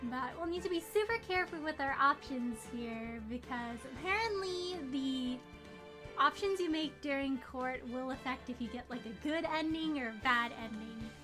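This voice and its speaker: A woman's voice: high-pitched, normal speed. A young woman streaming a game live, bubbly and giggly, greeting chatters by name. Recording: stream with music behind.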